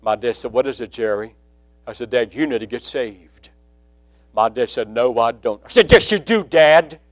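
A man preaching a sermon, telling a personal testimony and building from quiet storytelling to loud emphasis. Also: medium pitch, little pitch movement, moderate pace, no echo.

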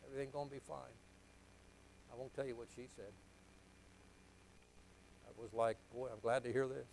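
A man's voice: medium pitch, little pitch movement, normal speed, background noise. Emotional older man preaching a sermon. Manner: emotional, confessional storytelling that swings from hushed to loud.

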